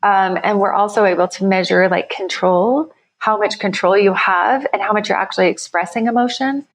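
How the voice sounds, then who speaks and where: A woman's voice: mid-range voice, moderate pace. A woman company founder, a guest on a podcast interview, explaining her work in an enthusiastic, conversational way. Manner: enthusiastic, explanatory, self-correcting.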